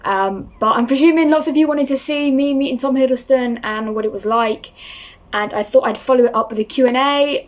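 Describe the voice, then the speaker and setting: A young woman vlogging to camera, gushing excitedly and talking casually with many fillers. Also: a little high.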